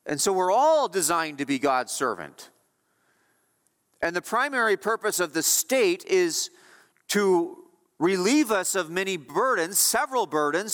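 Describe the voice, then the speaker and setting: Guy preaching a sermon, kinda high voice, hall echo trailing off, repeats stuff for emphasis. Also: a bit bright. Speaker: pastor.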